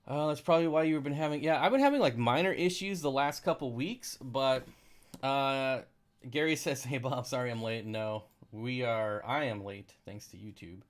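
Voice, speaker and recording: A man's voice: medium pitch, animated, normal speed. Rambling sarcastic man live-streaming. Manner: rambling, sarcastic, easily frustrated. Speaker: aquarium channel live streamer. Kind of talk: casual live stream chat reading comments.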